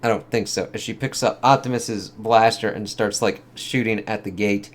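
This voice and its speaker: A man's voice: fairly low pitch, fairly even intonation, moderate pace. A man giving a loose, casual spoken review of a comic book, swearing freely and leaning on fillers. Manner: loose and profane, lots of fillers.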